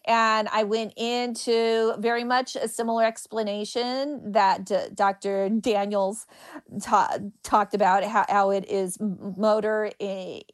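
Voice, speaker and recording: A woman's voice: mid-range voice, flat delivery, takes it slowly. A woman comedian who stutters, repeating the first sounds of words as she answers interview questions. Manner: laughs while telling stories.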